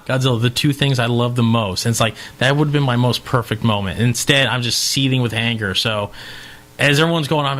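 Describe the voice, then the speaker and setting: A man co-hosting a casual podcast at an everyday mid pitch. He tells long stories with energy, acting out what people said. He swears now and then. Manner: animated storyteller, acts out quotes, swears. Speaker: podcast co-host. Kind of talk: casual chat, long anecdote.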